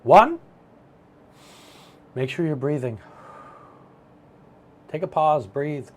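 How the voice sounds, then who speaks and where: Middle-aged male self-help speaker, lively storyteller, a bit higher-pitched than most men. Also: slow pace, a little hiss or hum. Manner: animated, storytelling, acts out his own thoughts. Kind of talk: motivational talk to camera.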